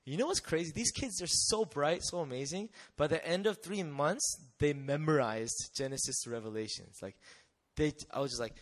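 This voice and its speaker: Animated man telling a mission story. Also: on the high side, moderate pace, hardly any pauses. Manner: animated storyteller, acts out voices, laughs often. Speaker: missionary speaker. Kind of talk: storytelling testimony talk.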